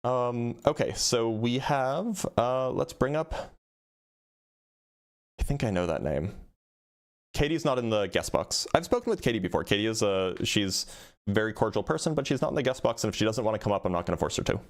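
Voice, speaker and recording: A man's voice: medium pitch, expressive, brisk. A man hosting a live debate stream, talking casually with lots of fillers and restarts. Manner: casual, hesitant, many fillers.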